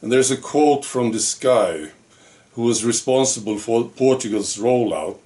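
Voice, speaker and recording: A man giving casual video commentary, musing and drifting along with pauses and fillers. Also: medium pitch, warm tone, far from the mic.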